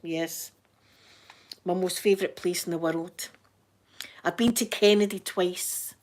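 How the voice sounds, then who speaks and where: A woman's voice: on the low side, fairly even intonation, takes it slowly, darkish tone. A woman with a broad Scottish accent chatting casually on a livestream, reading out viewer names and laughing often. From Scotland. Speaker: livestreaming YouTuber. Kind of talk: casual live chat.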